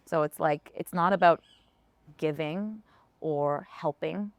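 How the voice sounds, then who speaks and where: A woman's voice: low voice, slow pace, dry recording. A woman speaking as a podcast guest and hypnotherapist, talking in a casual, earnest and enthusiastic way. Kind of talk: casual interview conversation. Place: town in Costa Rica.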